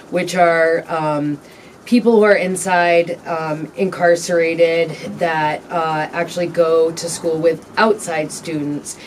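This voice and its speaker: A woman as an interview guest, telling her personal story candidly in a halting, reflective way with frequent pauses and ums. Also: low-pitched, recorded from a distance, slight background noise.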